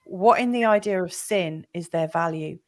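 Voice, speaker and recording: A woman's voice: lowish voice, moderate pace, darkish tone. A woman hosting a conversation, asking questions in a hesitant way with frequent "um"s. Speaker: host. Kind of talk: conversational interview.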